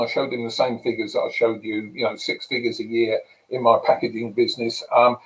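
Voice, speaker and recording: A middle-aged English man giving an energetic sales pitch for a property program, telling lively stories with punchy asides. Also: brisk, low-quality recording. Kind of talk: live sales presentation.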